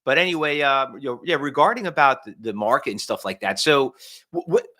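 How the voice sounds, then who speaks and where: Male host, bright voice, loose rambling delivery, lots of you-knows. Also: medium pitch, very animated, brisk. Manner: rambling, many fillers, repeated you know. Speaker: podcast host. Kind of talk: casual podcast chat.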